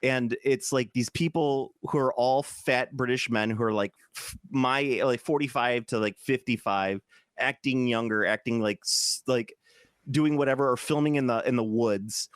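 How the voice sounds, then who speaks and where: A man's voice: medium pitch, moderate pace, smooth, no room sound, studio quality. Rambling jokey man in his forties. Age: 40s. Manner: rambling, jokey, laughs often. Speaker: podcast co-host. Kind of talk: casual chat.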